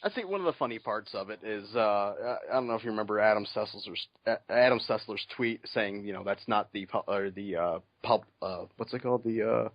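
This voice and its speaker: A man co-hosting a podcast in casual chat, wry and sarcastic, often pausing on fillers. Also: on the low side, no room sound, muffled recording. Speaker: podcast co-host.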